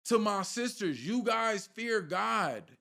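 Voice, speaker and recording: High-voiced fervent man preaching. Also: lively intonation, slow, creaky, pushed and bright. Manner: fervent, fires rhetorical questions at listeners; repeats a catchphrase question for emphasis. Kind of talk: informal sermon.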